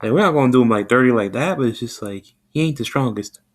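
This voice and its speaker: A man's voice: medium pitch, expressive, fast talker. A man casually retelling a fan story, rambling with lots of "like" and freely swearing.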